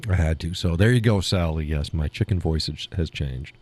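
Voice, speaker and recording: A man's voice: sits low, normal speed, a little mellow. A man hosting a live show from his small home studio, chatting in a rambling way and chuckling often. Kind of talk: casual live-stream chat.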